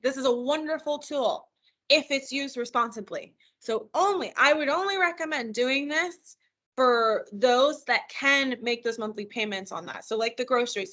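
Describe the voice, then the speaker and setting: A woman teaches a virtual money skills class over a computer microphone, chatty and encouraging. Her voice sits a little high and sounds bright and forward. She often stops to answer questions from the people attending. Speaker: financial wellness trainer. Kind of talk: live virtual training session. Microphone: computer mic on a video call.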